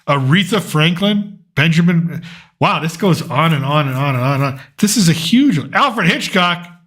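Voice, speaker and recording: Bright-voiced man rambling through commentary. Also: on the high side, lively intonation, moderate pace. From United States. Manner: rambling, thinks aloud while reading through lists. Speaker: political commentary host. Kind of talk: casual political commentary.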